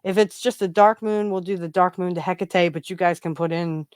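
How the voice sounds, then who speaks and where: A woman's voice: lowish voice, steady tone, fairly quick, a little mellow. A woman hosting a casual podcast about spiritual practice, rambling with many fillers and restarts. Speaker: podcast host.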